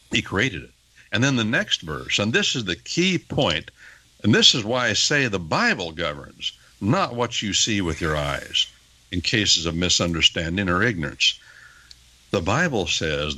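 An older man with a low voice gives an on-air Bible teaching as a guest on a radio talk show. He lectures emphatically like a teacher, animated and stressing words with rising emphasis. The audio quality is poor.

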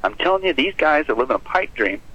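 A pastor preaching urgent, emphatic warnings about the end times on a radio talk program. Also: male voice, mid-range voice, sing-song, quick pace, fairly bright tone, slightly rough. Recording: muffled lo-fi broadcast audio.

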